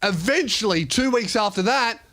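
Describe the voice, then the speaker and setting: A man's voice: high-pitched, expressive, moderate pace, bright, forceful tone. A young Australian man, a comedian and podcast host, telling an exasperated, profane story as a comic rant. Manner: exasperated, profane, mock-polite quoting.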